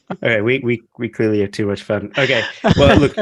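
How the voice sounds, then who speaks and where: A podcast host, speaking in a mid-range voice into a podcast microphone, keeps a casual interview chatty and jokey, full of fillers. The recording is dry and studio quality.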